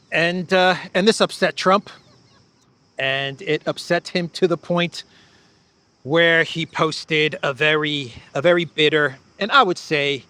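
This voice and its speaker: A man hosting a political commentary show, talking off the cuff in a lively monologue, laughing in disbelief and repeating himself as he restarts his sentences. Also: a little high. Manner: animated, laughs incredulously, repeats words and restarts often.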